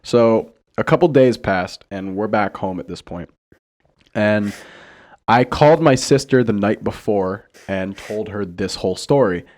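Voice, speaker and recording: A young man from Ohio, a podcast host telling a story in casual chat, animated and laughing often. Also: lowish voice, a little slow. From Ohio, USA.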